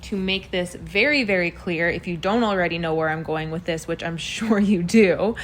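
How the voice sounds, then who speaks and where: A woman hosting her own podcast, talking casually in a chatty, animated way that includes casual swearing, recorded on a built-in device mic in a slightly echoey room. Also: on the low side, moderate pace. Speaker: podcast host. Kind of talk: casual solo podcast chat. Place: room that sounds a little echoey. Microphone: built-in device mic, external microphone left unplugged.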